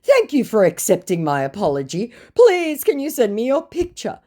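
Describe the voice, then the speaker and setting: Woman putting on a high, slow, pleading old man, broken English, clingy scammer. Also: wildly swooping pitch, dark tone. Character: pleading older male romance scammer.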